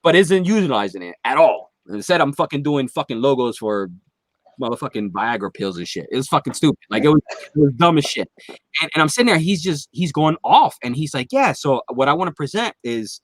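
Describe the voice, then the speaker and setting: A man's voice: mid-range voice, very animated, a little fast, no echo. A man guest on a podcast, telling a long, profanity-heavy story in casual chat. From Philadelphia area.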